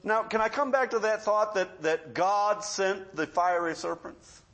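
Middle-aged pastor, high voice, folksy storytelling preacher who drops to hushed asides. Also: male voice, unhurried. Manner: storytelling preacher, swings between loud emphasis and quiet asides. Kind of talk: sermon.

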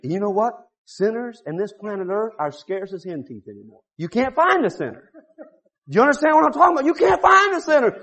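A middle-aged man preaching a revival sermon, folksy and full of rhetorical questions, swinging from loud shouts to low muttered asides. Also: lively intonation, fast talker. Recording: dull lo-fi recording.

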